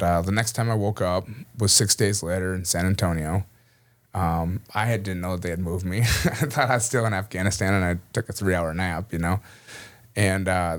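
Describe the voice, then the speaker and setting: Fast-talking low-voiced man telling a story. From Minnesota, USA. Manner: casual, chuckles often, many "you know" fillers. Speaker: guest, army veteran. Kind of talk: personal storytelling in an interview.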